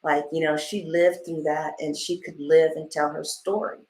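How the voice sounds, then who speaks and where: A woman tarot reader in a casual livestream, telling stories in an animated, blunt way and swearing freely. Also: low voice, normal speed.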